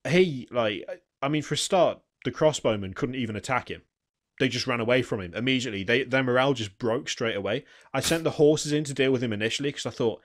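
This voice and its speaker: A man's voice: mid-range voice, fast. A man co-hosting a gaming podcast, telling stories of failure with laughs and swearing. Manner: laughing, exasperated storytelling with swearing. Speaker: podcast co-host. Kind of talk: casual gaming chat.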